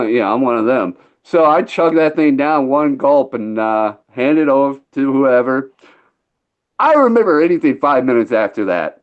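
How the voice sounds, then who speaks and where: A man's voice: medium pitch, muffled recording. A man telling a long story in casual chat, laid-back and rambling, swearing freely. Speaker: podcast host.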